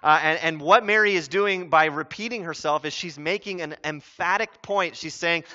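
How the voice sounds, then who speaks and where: A man preaching a sermon as pastor, earnest and conversational, with animated asides. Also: a little high, normal speed, hardly any pauses. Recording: dull lo-fi sound.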